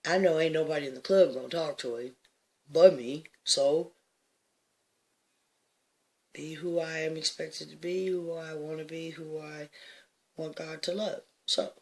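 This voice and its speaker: A woman, likely in her sixties, telling a personal story with emphatic swings from hushed to loud, laughing often. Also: low-pitched, steady tone, measured pace, pauses often.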